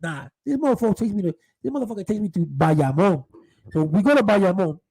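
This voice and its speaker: Raspy high-voiced man telling street stories. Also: fairly quick, low-quality recording. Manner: profane, street-talking, animated storytelling with many restarts. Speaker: podcast host. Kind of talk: casual storytelling monologue.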